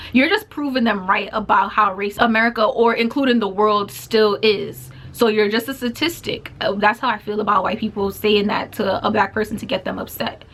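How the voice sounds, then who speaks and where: A woman's voice: medium pitch, steady tone, fairly quick, hardly any pauses, a bit bright. Young woman telling a casual storytime. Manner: casual, filler-heavy retelling with many quoted exchanges. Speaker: vlogger. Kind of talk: storytime vlog.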